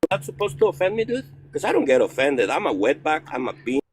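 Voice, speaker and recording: A man's voice: on the high side, sing-song, quick pace, a little hiss or hum. A man calling into a live politics stream, combative and swearing, talking over the host and co-host. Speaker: caller. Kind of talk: heated call-in argument.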